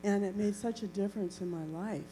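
A woman's voice: mid-range voice, steady tone, a little fast, dark tone, low-quality recording. A woman earnestly sharing a personal faith testimony in a reflective way. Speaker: church member giving a testimony. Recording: faint electrical hum.

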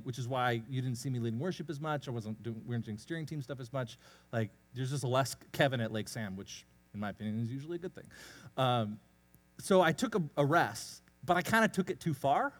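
A young man preaching a casual sermon, telling a personal story in a self-deprecating, animated way. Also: medium pitch, brisk. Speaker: pastor.

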